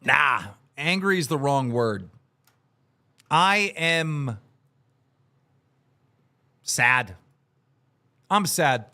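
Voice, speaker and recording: A man hosting a livestream podcast, shouting out supporters in a sing-song hype voice and then talking low and downbeat. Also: lively intonation, very slow, long pauses. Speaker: podcast host. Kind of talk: livestream podcast chat, reading out supporter names.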